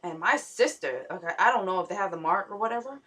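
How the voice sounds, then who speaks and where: A woman's voice: medium pitch, expressive, fast, fairly bright tone, slightly rough. A young woman vlogger rambling through a dream story, full of fillers and restarts. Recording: voice somewhat far from the mic.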